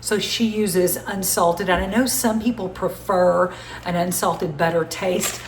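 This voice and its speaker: In an echoey home kitchen with faint ambience and slight background noise, a woman in her sixties from the Southern United States chats about home cooking in her Southern American accent. Her voice is on the low side with fairly even intonation and an unhurried pace, and she gushes and laughs often as she hosts.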